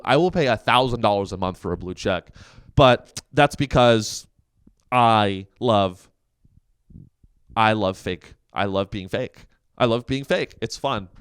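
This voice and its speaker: A man's voice: mid-range voice, clear, resonant tone, dry recording, studio quality. A man hosting a podcast, delivering a rambling, profane, sarcastic comedic monologue from a coworking office. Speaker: podcast host.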